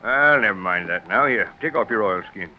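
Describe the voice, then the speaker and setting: An old, fatherly lighthouse keeper, played by a man, talks gruffly in a voice that swings widely up and down. The sound is dull and muffled, with faint hiss, like an old radio broadcast. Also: on the low side, lively intonation, moderate pace, lightly acted. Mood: stern. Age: older. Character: aging male lighthouse keeper, fatherly and stern. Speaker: actor in radio drama. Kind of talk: old-time radio drama acting.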